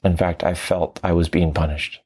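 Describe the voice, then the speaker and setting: A man who teaches tantra, telling his story in a reflective, animated interview. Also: low-pitched, moderate pace, breathy edge. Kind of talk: conversational interview.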